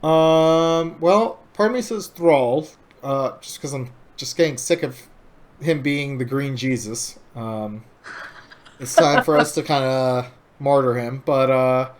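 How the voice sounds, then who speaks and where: A man's voice: medium pitch, slow pace, a little hiss or hum. Hesitant man podcast co-host. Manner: hesitant, heavy on "like" and "um". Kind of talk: casual podcast chat.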